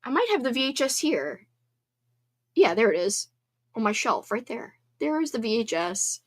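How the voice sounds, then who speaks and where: Reading chat on a casual livestream, a bubbly woman in her thirties chats at a moderate pace with plenty of fillers. Her voice is fairly high and very animated.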